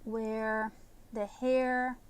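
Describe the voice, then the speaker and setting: A woman teaching watercolor painting on a livestream, talking casually and in halting phrases while she paints. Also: a little high, level tone, smooth. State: talking with a candy in her mouth. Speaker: art instructor.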